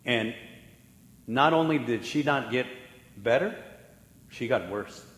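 A man preaching a sermon as pastor, telling the story with lively acted-out voices and laughing at himself now and then. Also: mid-range voice, slow pace. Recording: echoey hall with long reverb.

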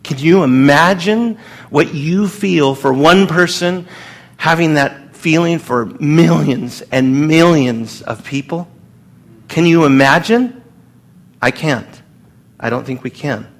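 Slow, earnest male preacher. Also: a little high. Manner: earnest, emphatic preaching with pauses and restarts. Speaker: pastor. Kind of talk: sermon.

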